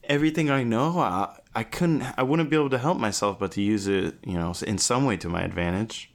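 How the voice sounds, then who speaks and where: Man casually voicing a flustered young woman officer, stammering, gravelly low voice. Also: natural voice. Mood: worried. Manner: stammering, hurried.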